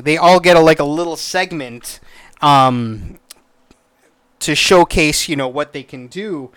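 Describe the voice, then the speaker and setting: A man giving a casual spoken movie review, excitable and profane, with lots of restarts. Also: fairly high pitch, smooth, no room sound.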